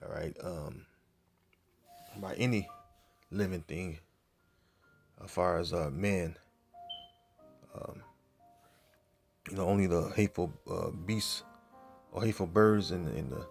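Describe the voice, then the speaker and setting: A man teaching from the Bible in a casual, halting way, full of fillers, reading verses aloud more loudly and muttering to himself while he searches. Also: deep voice, steady tone, vocal fry, soft background music. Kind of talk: informal scripture teaching.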